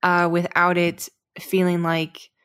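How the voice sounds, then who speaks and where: A woman's voice: on the low side, monotone, slow pace, a bit bright, smooth. A woman co-hosting a podcast, friendly and giggly, wrapping up the episode. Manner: giggly, friendly, wraps up the show. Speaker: podcast co-host. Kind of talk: casual chat.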